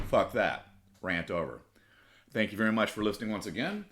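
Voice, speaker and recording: Profane, animated male storyteller. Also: lowish voice, fairly quick, noisy background. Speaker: podcast host.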